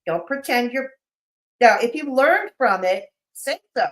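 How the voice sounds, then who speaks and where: A woman's voice: fairly high pitch, expressive, unhurried. Sarcastic woman livestream host. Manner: sarcastic, mocking, chatty. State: voice feels off, sleepy. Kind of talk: casual livestream commentary.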